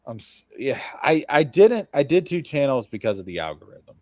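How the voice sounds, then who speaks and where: A man's voice: mid-range voice, sing-song, moderate pace, a little mellow, no room sound. A man hosting a casual reaction stream, profane and joking, laughing often. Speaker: host.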